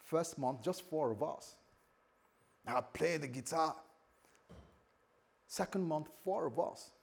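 A British man, a pastor, preaching a sermon in a conversational, humorous way that swings between hushed and loud. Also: on the high side, slow pace, gravelly, husky. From Britain. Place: church.

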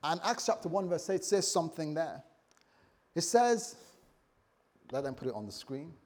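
A man preaching a sermon as pastor, animated, swinging between loud bursts and quiet asides, often acting out the voices of others. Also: on the high side, normal speed.

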